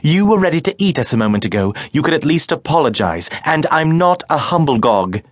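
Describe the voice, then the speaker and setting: Haughty young girl, a man playing her, scolding, quick, raised pitch, storybook. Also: very animated, dry recording, clean studio sound. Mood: indignant. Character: prim, indignant young girl.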